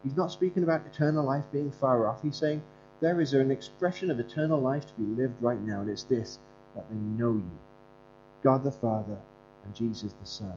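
A man's voice: mid-range voice, moderate pace. A man preaching in a conversational, earnest storytelling way, with some fillers and restarts. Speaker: pastor and Bible school leader. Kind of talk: conversational sermon. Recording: dull lo-fi recording with mains hum.

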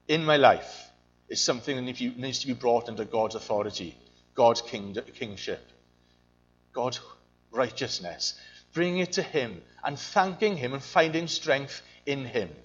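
A man's voice: medium pitch, expressive, a little slow, lo-fi sound. A man preaching a sermon, earnest and searching, often repeating his phrases. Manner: earnest, repeats phrases, mimics voices in quotes.

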